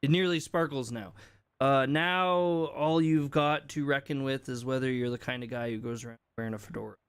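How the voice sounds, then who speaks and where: A man streaming a video game live, reading the on-screen text aloud and chatting between lines. His voice is smooth and resonant, at a middling pitch, and his manner is casual. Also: fairly even intonation, brisk, fairly bright tone. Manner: casual, reacts and laughs while reading.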